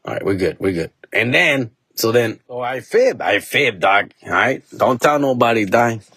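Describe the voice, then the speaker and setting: A man's voice: medium pitch, lively intonation, moderate pace, pushed and bright, husky, no echo, clean studio sound. A man, a comedian and podcast host telling stories in a casual, profane, slang-heavy way, dropping Spanish words and ending lines with "dog" and "fool". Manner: drops Spanish words and phrases.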